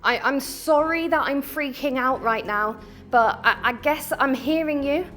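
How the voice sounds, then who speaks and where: A woman vlogging a ghost hunt in an abandoned house, talking to spirits, jumpy and swinging from hushed to loud. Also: high voice, unhurried, faint music behind. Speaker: paranormal vlogger. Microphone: small mic on the camera.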